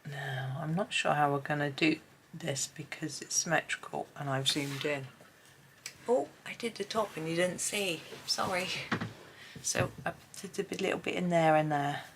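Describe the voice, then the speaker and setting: Hoarse woman, low gravelly voice, rambling chat while colouring, slips into half-whispers; faint hiss behind. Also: moderate pace. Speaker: colouring channel host.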